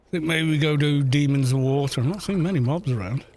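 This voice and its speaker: A man's voice: fairly high pitch, quick pace, a little mellow, a little hiss or hum. Incredulous, ranting male game streamer. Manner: incredulous, mocking rant; rambling, with restarts and fillers. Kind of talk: casual livestream chat while gaming.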